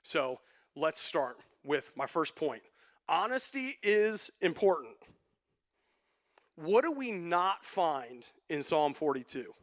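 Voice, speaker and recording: A man preaching a sermon as pastor, conversational and joking, with quick asides. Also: fairly high pitch, sing-song.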